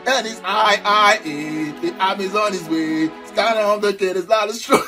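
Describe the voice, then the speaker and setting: High-voiced Nigerian man, animated and mocking. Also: a little slow, faint music behind. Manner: animated, mocking, breaks into chants and laughter. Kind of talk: casual reaction video.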